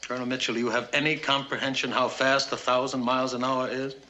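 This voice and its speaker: An actor playing a mocking military prosecutor in a 1950s courtroom film, grilling a witness with sarcasm. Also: male voice, medium pitch, flat delivery, fast talker, sharp tone, natural voice. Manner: sarcastic, cross-examining, reading documents aloud. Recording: old film soundtrack with faint hiss.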